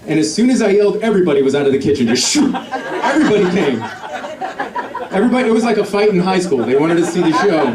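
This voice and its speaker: Middle-aged stand-up comic, lively storyteller, somewhat high voice, roomy live club sound with audience laughter. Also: male voice, distant mic. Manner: storytelling, acts out quotes with sudden loud shifts. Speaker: stand-up comedian. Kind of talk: stand-up comedy set. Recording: echoey live club audio with crowd laughter.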